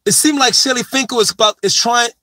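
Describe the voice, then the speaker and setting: A sports commentator with a very high-pitched voice rattles fast through a profane, emphatic opinion monologue, lecturing his subject. He hammers his main point home with heavily stressed repetition, in a pushed, bright tone recorded without room sound.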